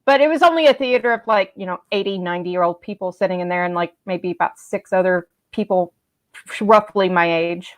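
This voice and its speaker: A woman in casual fan chat who tells stories in an animated way and acts out the people she quotes. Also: fairly low pitch, fairly quick. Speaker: live chat co-host.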